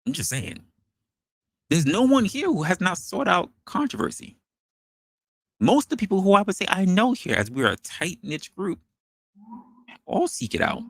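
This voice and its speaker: A man hosting an opinion show, talking in an animated, rhetorical way and posing questions to his audience. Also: high-pitched, moderate pace, gravelly, dry recording, studio quality. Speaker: podcast host. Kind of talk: opinion commentary monologue.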